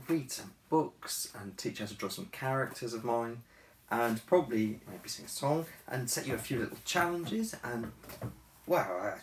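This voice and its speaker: Gravelly, animated man in a roomy office. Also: medium pitch. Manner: chatty, relaxed, with fillers. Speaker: children's author and illustrator. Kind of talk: reading a children's book aloud. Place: his office. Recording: roomy, distant mic, faint hiss.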